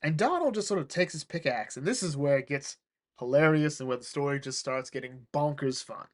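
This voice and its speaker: Excitable rambling man, somewhat high voice. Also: a little fast. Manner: rambling, animated, sprinkles "like" and "all right?". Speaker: comics reviewer. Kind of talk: excited casual retelling of a comic.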